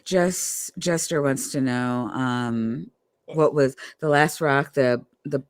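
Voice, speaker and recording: A woman's voice: rumbling low, slow pace, smooth, no room sound, clean studio sound. A woman hosting a livestream in casual chat, blunt and joking crudely. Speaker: stream host.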